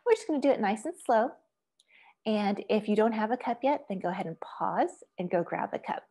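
A woman's voice: medium pitch, lively intonation, fairly quick, mellow, husky. A woman teaching an online music lesson, giving patient step-by-step instructions and chanting rhythm syllables and counts. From Asia.

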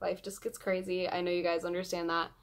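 A woman's voice: lowish voice, brisk. Gushing young woman vlogger. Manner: gushing, excited fan talk with many "like"s. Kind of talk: casual vlog chat.

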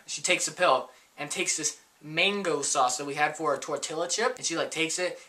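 A man telling a funny personal story in a casual, animated, self-mocking way. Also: fairly high pitch, moderate pace, distant mic.

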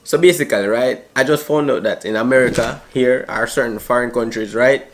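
Young jamaican guy, slangy jokey banter, faint hiss behind, mid pitch. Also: fairly quick. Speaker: YouTuber. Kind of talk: casual vlog chat.

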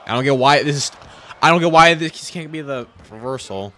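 A young man giving frustrated, sarcastic commentary over his own video game play, swearing and swinging from mutters to yells. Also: mid-range voice, fairly quick, slight background noise. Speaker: gaming YouTuber.

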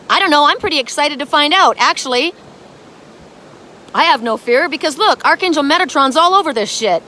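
A woman's voice: high voice, fairly quick, pushed and bright, slight background noise. A woman giving a spiritual oracle card reading in a dramatic, emphatic way, with casual swearing.

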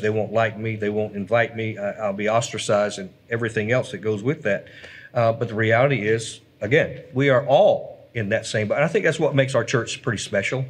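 Earnest pastor man, preacherly chat. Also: mid-range voice. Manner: earnest, preacherly, reads viewer comments aloud. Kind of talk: casual church livestream chat.

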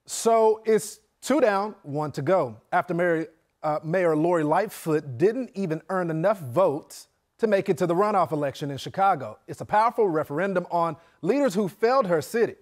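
A man's voice: high-pitched, expressive, moderate pace. A man hosting a cable news segment, delivering a scripted, opinionated monologue with emphatic delivery. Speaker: news host.

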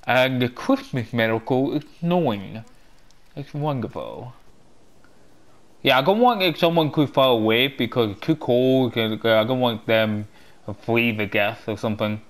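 Excitable man narrating his gameplay. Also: mid-range voice. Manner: chatty and excitable, talking to himself as he plays; loose, halting non-native English phrasing. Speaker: gaming channel host. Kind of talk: gameplay walkthrough commentary.

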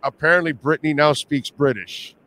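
A sports radio host from Miami with a Miami accent, pitched a bit high for a man. He talks loosely and animatedly, with slang and restarts. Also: moderate pace, pushed and bright, slight background noise. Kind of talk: casual sports talk.

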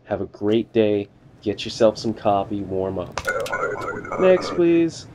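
Here the young let's-play gamer sounds lowish and expressive, taking his time against a noisy background. His commentary stays casual and jokey, with him addressing characters as a border inspector and cursing from time to time.

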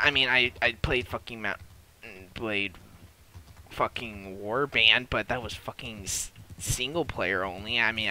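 A man's voice: lowish voice, bright, forceful tone, slight background noise. A man giving live gameplay commentary, swearing constantly and blurting frustrated outbursts at enemies while admitting he is new to the game. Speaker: gamer playing a multiplayer beta.

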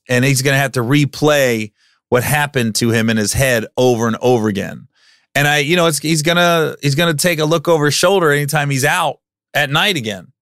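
A man in his forties hosting a podcast, telling a personal story in a casual, animated way and acting out what people said. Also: medium pitch, no echo, clean studio sound. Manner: animated, acts out quotes in loud raised voices. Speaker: podcast host.

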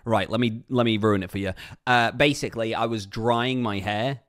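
A man's voice: on the low side, steady tone, normal speed, a bit bright. A man livestreaming a game in casual, upbeat chat, reading out viewer names and thanking donors.

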